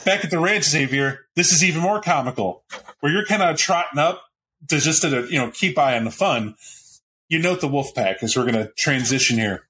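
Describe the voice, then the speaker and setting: A man's voice: fairly high pitch, animated, moderate pace, sharp tone. A man narrating a tabletop role-playing game as game master, in a casual, rambling way.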